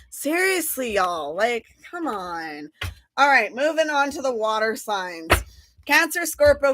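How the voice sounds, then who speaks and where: A woman's voice: a little high, fairly bright tone. A woman giving a casual tarot reading, chatty and blunt, who keeps checking in with her listeners and swears freely. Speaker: tarot reader.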